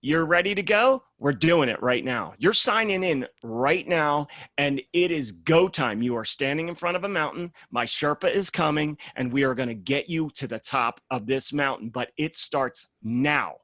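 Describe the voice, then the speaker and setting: A man, a program founder, speaking in a casual podcast conversation as an animated storyteller who acts out the voices he quotes. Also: on the high side, moderate pace, hardly any pauses, no echo, studio quality.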